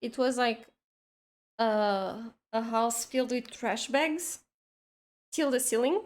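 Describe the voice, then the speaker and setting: Slow-talking woman telling a story. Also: fairly high pitch. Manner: rambling, full of "like" and restarts. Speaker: streamer. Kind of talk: casual storytelling chat.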